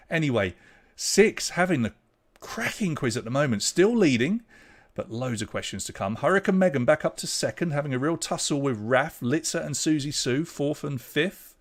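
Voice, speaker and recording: A man's voice: mid-range voice, gravelly. A man running an online pub quiz, reading out questions and leaderboard standings. He talks casually and fills the gaps with chatty jokes and asides. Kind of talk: live quiz hosting, casual chat.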